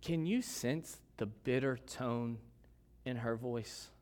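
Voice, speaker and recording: A middle-aged pastor preaching a sermon in a church, conversational and joking, with asides to the congregation. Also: male voice, mid-range voice, takes it slowly, a little mellow.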